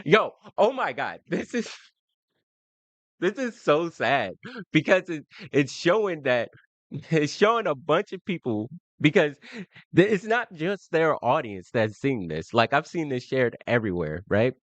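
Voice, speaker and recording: A man's voice: fairly high pitch, sing-song, measured pace, no echo, lo-fi sound. A man giving casual reaction commentary on a debate clip, crude and exasperated.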